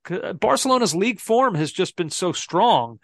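A man with a fairly high voice hosts a football chat. He reflects out loud, pausing with fillers as he reasons. The sound is dry and close. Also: animated, dry recording. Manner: reflective, thinking aloud with many fillers. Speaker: podcast host. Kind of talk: casual sports chat.

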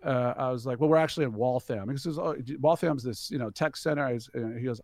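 Middle-aged male guest, gravelly and dry, acts out every voice in his story. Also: mid-range voice, very fast, few pauses, a little mellow, dry recording. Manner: swears freely, laughs between lines. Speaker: guest telling a business story. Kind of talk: animated anecdote.

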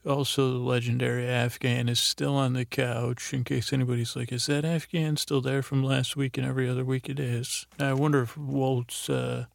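Man, bedtime podcast host, gravelly voice, dry close sound, meandering sleepy recap. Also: medium pitch, dry recording. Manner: meandering, drowsy, monotone.

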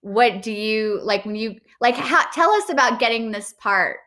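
Brief: chatty woman host, fairly high, bright tense tone. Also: expressive, normal speed. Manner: chatty, laughs easily. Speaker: interviewer and actress. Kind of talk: casual conversation.

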